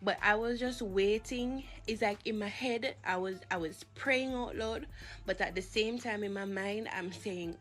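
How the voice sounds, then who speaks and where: A woman with a Jamaican accent giving a personal faith testimony, earnest and halting, with pauses and repeats. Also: medium pitch, fairly bright tone, faint music behind.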